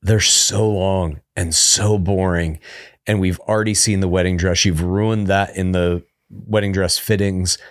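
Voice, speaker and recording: Lowish-voiced guy on a podcast, chatty and opinionated, dry mic, no room sound. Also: steady tone, unhurried, dry recording. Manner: opinionated, talks about camera framing, joking. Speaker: podcast co-host. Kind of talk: casual chat recapping a reality show.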